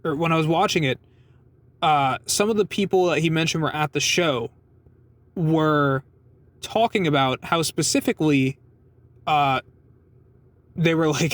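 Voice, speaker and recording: A man's voice: a little high, measured pace, pauses often. A young man telling a story from his job in a rambling, casual way, swearing often and laughing as he talks. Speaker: vlogger telling a work story.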